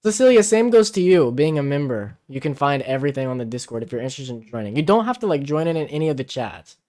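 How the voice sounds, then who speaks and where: Fast and lively, with a fairly high pitch and a slightly mellow quality, a man chats as co-host of a relaxed home livestream in the Philippines. He reads viewer comments aloud, recorded through a camera-mounted microphone that stays out of frame.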